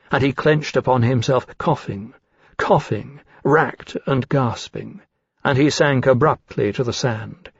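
A man narrates a novel in a measured, steady voice of middle pitch. The recording is close and dry, with a slightly dull, muffled top end. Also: breathy edge, no room sound. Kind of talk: audiobook narration. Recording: dull dry studio sound.

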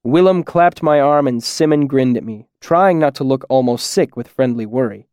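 A man narrating a first-person fantasy audiobook in a measured, reflective way. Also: mid-range voice, a little mellow, no room sound, clean studio sound.

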